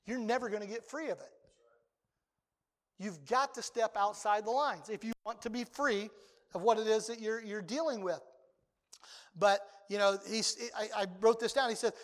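An older man preaching a sermon as a pastor, talking conversationally and breaking into sudden loud outbursts. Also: very high voice, moderate pace, big-room sound.

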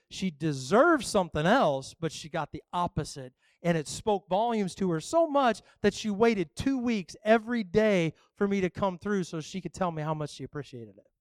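A man's voice: sits high, smooth. A male pastor preaching a sermon, telling a story with acted-out dialogue and frequent laughs. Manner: animated storytelling, acts out dialogue, laughs often.

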